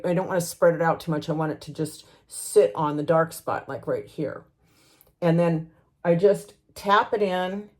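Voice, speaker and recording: Chatty woman in her sixties, low voice. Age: 60s. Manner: chatty, thinking aloud with fillers and restarts. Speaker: lifestyle vlogger. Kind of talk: casual makeup tutorial.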